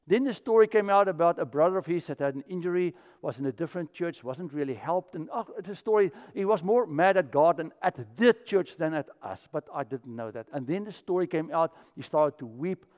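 A man's voice: a little high, animated, fairly quick, hardly any pauses, darkish tone, in a large hall. A man from Africa, preaching a sermon as pastor and telling stories. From South Africa. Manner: storytelling, acts out quoted voices.

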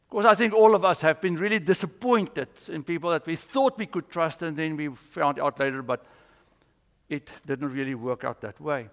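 Earnest pastor preaching in an echoing church. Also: male voice, on the high side, normal speed. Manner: earnest, storytelling. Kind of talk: sermon. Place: church sanctuary. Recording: long church reverb.

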